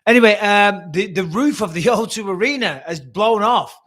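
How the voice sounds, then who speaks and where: A man's voice: high-pitched, expressive, moderate pace, fairly bright tone. Chatty English man on a home livestream. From England. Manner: chatty, swears freely, reads out viewer comments. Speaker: host. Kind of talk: casual livestream Q&A. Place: room at home, a bit echoey. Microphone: webcam livestream.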